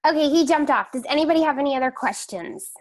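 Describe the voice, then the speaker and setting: A woman's voice: sits high, expressive, fast, no echo. A woman in her thirties hosting a team video call, chatty and teasing, laughing easily as she talks. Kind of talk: casual chat.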